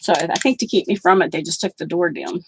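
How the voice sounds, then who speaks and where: A woman's voice: on the low side, fast talker, breathy edge, no room sound, poor audio. A middle-aged woman vlogging about crafts, chatting casually and telling stories in an outspoken way as she works. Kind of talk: casual chat while crafting.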